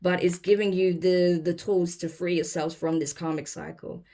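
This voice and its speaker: A woman's voice: fairly low pitch, fairly even intonation, normal speed, dark tone. A woman giving a casual tarot reading to camera, emphatic, blunt and profane, often exasperated and incredulous. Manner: emphatic, blunt and profane, with repeated "I'm telling you". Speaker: tarot reader.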